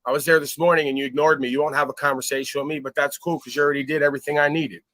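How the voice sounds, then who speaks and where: A man hosting a livestream, ranting in a profane, boastful way that jumps between loud outbursts and low muttering. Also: level tone, very fast, no room sound. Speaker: livestream host.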